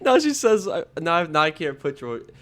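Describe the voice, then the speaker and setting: Young male co-host, lively, giggly, loses his thread. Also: fairly high pitch, moderate pace. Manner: giggly, trails off mid-sentence. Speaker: podcast co-host. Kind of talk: casual chat.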